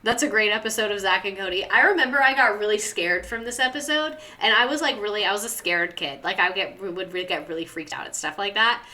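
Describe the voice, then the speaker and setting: Speaking a little fast in a sharp, mid-range voice with hardly any pauses, this young livestream host rambles through viewer stories and replies to her chat. She says "like" a lot and laughs often.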